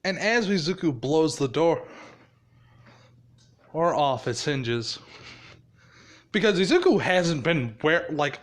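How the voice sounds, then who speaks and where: A man's voice: a little high, a bit bright. A man casually improvising a fan-fiction story, swearing freely and chuckling.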